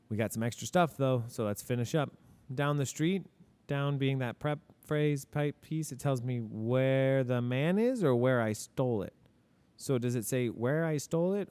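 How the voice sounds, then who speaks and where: A man's voice: mid-range voice, a little mellow, clean tone. A male teacher talking through grammar examples in a casual lesson, asking and answering his own questions. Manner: casual, admits mistakes openly.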